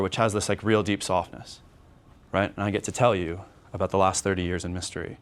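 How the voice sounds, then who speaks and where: A man talking to a room of fellow magicians at a convention workshop, energetic and conversational, often checking in with "right?" and slipping into a stage patter to demonstrate. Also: mid-range voice, slight background noise. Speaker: magician giving a workshop talk.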